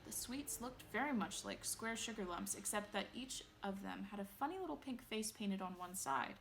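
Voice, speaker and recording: A woman reading a bedtime story aloud, lively and expressive. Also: medium pitch, normal speed, gravelly, slight background noise.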